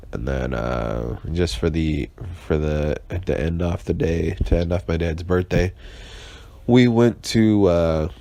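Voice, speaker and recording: A young man's low, mellow voice carries his casual solo podcast check-in. He is hungover and sarcastic, rambling along with constant swearing, many fillers and frequent restarts.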